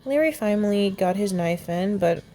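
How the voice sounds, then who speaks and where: Woman reading a fan story, mellow voice. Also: mid-range voice, normal speed. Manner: reads character lines in her own voice, often laughs and comments aside. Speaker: fan fiction reader.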